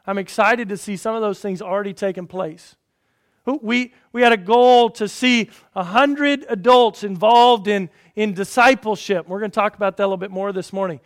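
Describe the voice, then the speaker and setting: A middle-aged man preaching a sermon as pastor, telling folksy stories and swinging between loud emphasis and quiet asides. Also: high voice, normal speed.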